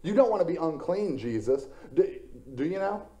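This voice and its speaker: A man's voice: fairly high pitch, big pitch swings, normal speed, mellow, pitched above the performer's own voice, low-quality recording. A male pastor voicing an indignant crowd of judgmental townspeople, scolding and incredulous.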